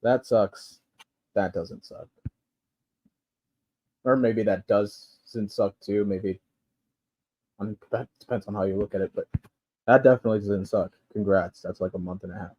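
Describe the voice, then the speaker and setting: A man's voice: on the low side, fairly even intonation, a little slow, long pauses, a little mellow. A man ranting casually in a rambling, profane way with lots of fillers, on a dull lo-fi recording. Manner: rambling, profane, loose delivery with frequent fillers and laughs. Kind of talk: casual rant.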